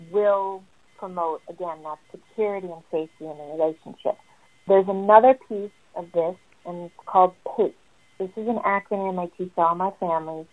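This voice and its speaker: A woman therapist explaining parenting advice in an earnest, emphatic teaching tone. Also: mid-range voice. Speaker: family therapist. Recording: tinny phone-like sound.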